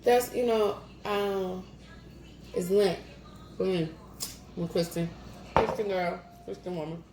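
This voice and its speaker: A woman's voice: fairly low pitch, fairly even intonation, takes it slowly. A young woman chatting casually between bites in an eating vlog at home, laughing at herself as she goes. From New Jersey. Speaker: mukbang vlogger. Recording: echoey room, audible noise.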